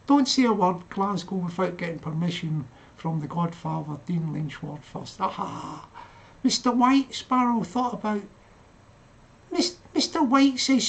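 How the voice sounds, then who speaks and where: A man's voice: high-pitched, expressive, takes it slowly, vocal fry. An older man hosting a casual livestream, laughing often and calling himself by name in the third person. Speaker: livestream host.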